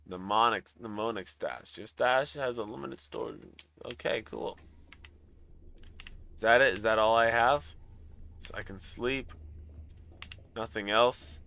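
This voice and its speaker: A man's voice: on the low side, measured pace, gravelly, long pauses, bright, forceful tone, dry recording. A man streaming a video game, chatting casually and reading in-game notes aloud with animation. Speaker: gaming streamer. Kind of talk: casual gameplay commentary.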